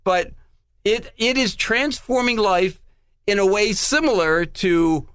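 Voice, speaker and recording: A man's voice: high voice, slow, smooth, no room sound, studio quality. An older man co-hosting a radio show, chatting casually and telling stories with enthusiasm. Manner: enthusiastic, animated storyteller. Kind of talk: casual chat.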